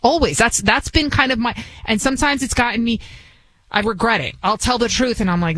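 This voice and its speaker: A woman's voice: on the high side, brisk, a bit bright, no room sound, poor audio. A woman with a Bronx accent, whose first language was not English, guest-hosting a talk radio show in a chatty, rambling, emphatic way. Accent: New York, Bronx. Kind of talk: conversational talk radio monologue.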